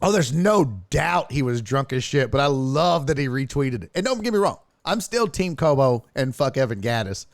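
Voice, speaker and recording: A man's voice: mid-range voice, big pitch swings, moderate pace, hardly any pauses, dry recording, studio quality. A man hosting a live sports stream, ranting and laughing his way through tweets in casual, profane chat. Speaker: streaming sports show host.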